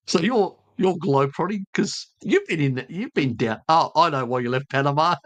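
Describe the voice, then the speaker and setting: This Australian man from Tasmania hosts a live stream, answering chat in a casual, blunt, joking and rambling way packed with fillers. His voice sits fairly high and sounds animated, a bit bright and unhurried, with no room sound.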